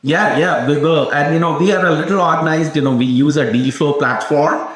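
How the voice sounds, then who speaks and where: A man's voice: a little high, a little fast, a bit bright. A man hosting a podcast interview, speaking conversationally in loosely phrased sentences. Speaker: podcast host. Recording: very echoey room.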